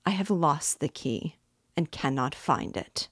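A woman reading aloud as an obsessive, menacing male nobleman, slow and quietly intense. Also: low-pitched, lively intonation, breathy edge, no echo, studio quality, exaggerated voice. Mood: cold, mocking. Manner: slow, quietly intense pleading turning coldly mocking. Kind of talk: audiobook reading.

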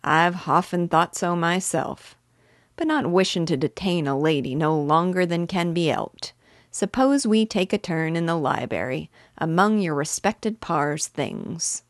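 Storybook figure: a woman reading as a bumbling Cockney burglar with a low, slangy voice. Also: animated, a little slow, no echo, clean studio sound. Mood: sheepish. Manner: dropped and added h sounds, slangy.

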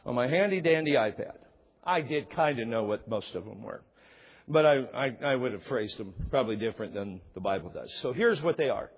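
Brisk, slightly rough, and lively in intonation, a middle-aged man preaches as pastor in a church sanctuary, conversational throughout and acting out dialogues with rising pitch. The audio sounds dull, with long hall reverb.

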